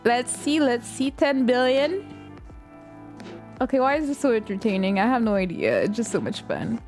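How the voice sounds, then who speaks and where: Young woman streamer, high voice, giggly and excitable, light music underneath. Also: moderate pace. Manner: excitable, laughs often, shrieks at game moments. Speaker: live streamer. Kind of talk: casual chat while playing a game with viewers.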